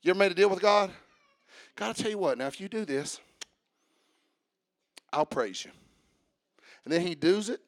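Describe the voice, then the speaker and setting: A man preaching a sermon, swinging from quiet talk to shouting and chanting as he coaches the congregation. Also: high voice, animated, normal speed, long pauses, no room sound, studio quality.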